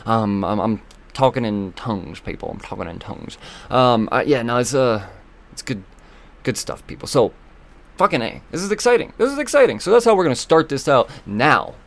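A man hosting a solo podcast, talking loosely and excitably, swearing often and filling gaps with ums and uhs. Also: mid-range voice, moderate pace, vocal fry. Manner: loose, profane and excitable, with many fillers. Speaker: podcast host. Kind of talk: casual solo podcast talk.

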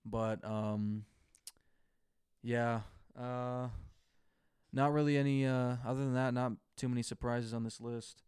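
A man co-hosting a casual sports podcast, relaxed and thinking aloud with fillers. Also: mid-range voice, slow pace, pauses often, smooth, no room sound, clean studio sound. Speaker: podcast co-host.

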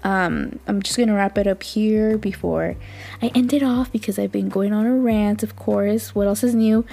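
A woman hosts a casual podcast, talking at mid pitch. She chats along eagerly, laughs often and leans on "like" as she recaps. Faint music plays behind her. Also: normal speed, vocal fry, warm tone. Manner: chatty, gushing, laughs often, fills with "like". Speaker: podcast host.

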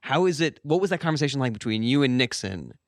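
An American man hosts a comedy podcast, playing it straight with deadpan interview questions. His voice sits at an average pitch, recorded dry and close. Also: fast talker, no room sound. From United States. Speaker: podcast host.

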